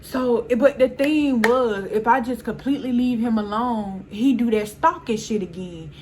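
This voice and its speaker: A young woman, telling a storytime in a casual, animated way, swearing and often quoting people. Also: on the high side, a little hiss or hum. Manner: animated, swearing, laughs often, quotes people in quick bursts. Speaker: storyteller vlogger.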